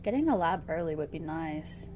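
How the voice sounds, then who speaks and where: A woman streamer casually thinking aloud over a puzzle game, hesitant and giggly, with soft music behind. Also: deep voice, expressive, moderate pace. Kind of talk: casual gameplay commentary. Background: soft background music.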